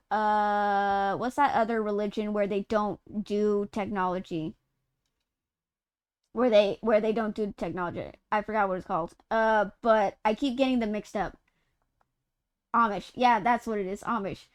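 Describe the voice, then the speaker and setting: A woman's voice: a little high, unhurried, smooth. A woman streamer from Utah chatting casually and rambling through a story while gaming, swearing and laughing mid-sentence.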